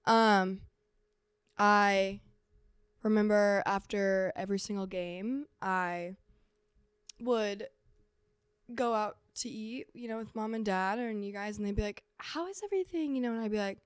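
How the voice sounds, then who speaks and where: A woman's voice: medium pitch, fairly even intonation, measured pace, long pauses, smooth, dry recording, studio quality. A young woman talking as a podcast guest, earnestly recounting her school struggles and acting out her old thoughts. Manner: earnest, acts out her own past thoughts in quotes. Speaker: podcast guest, host's sister. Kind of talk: casual chat.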